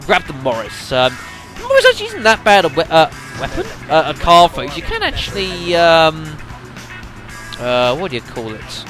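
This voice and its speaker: A man's voice: a little high, wildly swooping pitch, normal speed, fairly bright tone, faint music behind. A man giving casual gameplay commentary, rambling with lots of fillers and addressing the audience as folks. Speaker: let's play commentator.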